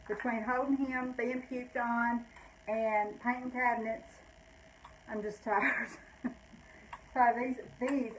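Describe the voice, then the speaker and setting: A woman's voice: fairly high pitch, a little hiss or hum, low-quality recording. An older woman, out of breath, chatting casually as she shows items from her vintage shop and rambles, correcting herself along the way. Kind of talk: casual live sale talk.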